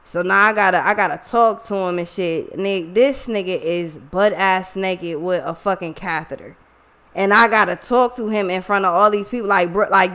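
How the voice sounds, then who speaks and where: Here a female vlogger and online reader recounts a personal story to her audience, emotional, slangy, and heavy on profanity, talking to them directly. Her voice is medium-pitched, slightly bright, and at a normal speed.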